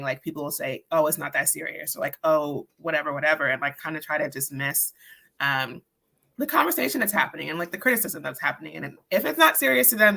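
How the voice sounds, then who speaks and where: A panel member in a casual chat, speaking haltingly with many ums and restarts. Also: mid-range voice, creaky, bright, forceful tone. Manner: hesitant, many fillers and restarts.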